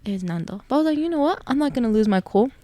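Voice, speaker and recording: A woman's voice: fairly high pitch, racing. A young woman co-hosting a podcast, telling family stories in casual chat and acting out her relatives with a few Spanish words. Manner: animated storytelling, acts out relatives with Spanish words. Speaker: podcast co-host.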